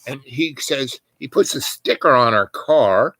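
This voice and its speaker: A man's voice: mid-range voice, normal speed, few pauses, a bit bright, a little hiss or hum. An older man telling a long personal story in a loose, rambling way, full of fillers and asides. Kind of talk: casual spoken storytelling.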